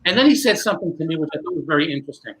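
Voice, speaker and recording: A man telling a long anecdote in a casual interview, lively and acting out the people in his story. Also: a little high, very fast, rough recording. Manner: animated, acts out dialogue. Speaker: guest magician.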